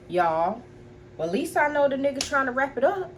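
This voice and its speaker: A woman's voice: high voice, very animated, normal speed, noisy background. A young woman casually telling a personal story to her viewers, chatty and blunt, full of fillers and swearing. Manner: blunt and profane. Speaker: storytime vlogger.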